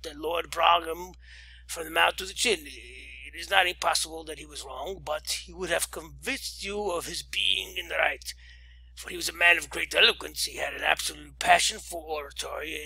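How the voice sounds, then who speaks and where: A man's voice: fairly high pitch, gravelly, sharp tone, low-quality recording. A man reading a classic story aloud with theatrical delivery and occasional stumbles. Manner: theatrical, occasional slips and restarts. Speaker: audiobook reader.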